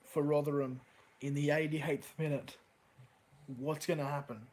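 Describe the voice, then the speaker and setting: Hosting a live stream, a young man reacts excitedly to a football match, swearing casually as he reads out chat messages. His voice sits fairly high and his pace is unhurried.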